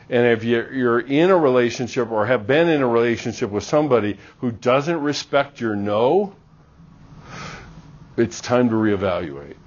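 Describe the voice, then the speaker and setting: A man's voice: mid-range voice, unhurried, long pauses, dull audio. A middle-aged man giving a classroom lecture, acting out short exchanges as he teaches. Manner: animated, acts out little dialogues. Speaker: university lecturer.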